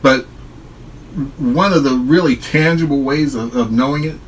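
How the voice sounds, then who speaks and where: A man's voice: medium pitch, moderate pace, a little hiss or hum, low-quality recording. A man talking straight to his viewers in a solo vlog, explaining his view in an earnest, reflective way. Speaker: online commentator.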